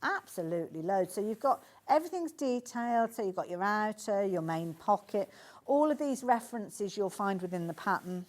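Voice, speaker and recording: A woman with a Birmingham accent hosts a live sewing demonstration for a home shopping channel. She talks in a chatty, enthusiastic way, full of little asides and fillers. Her voice sits at a medium pitch. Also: expressive, moderate pace. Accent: Birmingham (Brummie).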